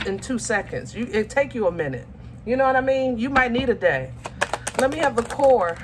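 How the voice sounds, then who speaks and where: Animated and medium-pitched, this tarot reader talks at a moderate pace against background noise. Her casual reading is chatty and loving toward viewers, whom she calls y'all and baby, though she often pauses, ums, and starts over while looking for words.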